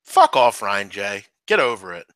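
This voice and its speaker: A man's voice: on the low side, big pitch swings, normal speed, fairly bright tone, dry recording, low-quality recording. A man co-hosting a live sports betting chat, swearing freely and teasing his co-host.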